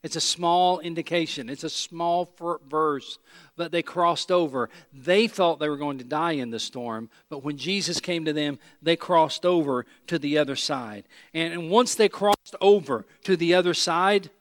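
A man preaching a sermon in a voice that sits a little high for a man. He swings from loud emphatic lines to hushed low ones and repeats phrases as he addresses the congregation directly. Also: a little slow. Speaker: pastor.

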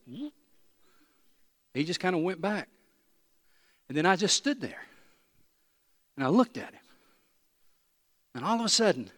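A man preaching in a slightly high voice. He tells stories with a lot of animation, jokes at his own expense and hammers his points home by repeating them. The sound is close and dry. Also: dry recording. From East Tennessee. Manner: animated storytelling, self-deprecating humor, emphatic repetition. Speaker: pastor. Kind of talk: sermon.

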